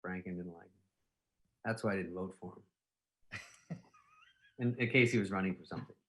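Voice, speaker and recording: A man's voice: low voice, moderate pace, a bit bright. A man in his fifties, a comedian telling rambling anecdotes in casual chat, often laughing at his own stories. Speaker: comedian guest.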